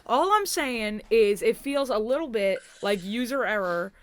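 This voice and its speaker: Young woman co-host from New Jersey, slightly high voice, playful self-deprecating banter. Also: lively intonation, unhurried, fairly bright tone. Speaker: podcast co-host. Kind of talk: casual comedic chat.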